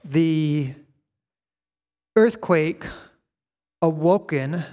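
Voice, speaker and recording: A man preaching a sermon, moving from measured teaching to loud, rising emphasis. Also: fairly high pitch, animated. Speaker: pastor.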